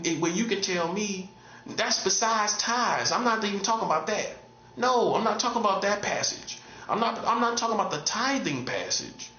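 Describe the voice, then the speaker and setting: A man's voice: high voice, bright, forceful tone, highs cut off. Man preaching casually in an echoey room. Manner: street-casual, repetitive, laughs at own jokes. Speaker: prophet. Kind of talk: informal preaching monologue.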